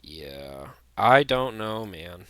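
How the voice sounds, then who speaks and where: A man's voice: sits low, very animated, extremely slow, a bit bright, no echo. A young man giving blunt, rambling tier-list commentary, full of fillers and restarts. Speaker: vlogger.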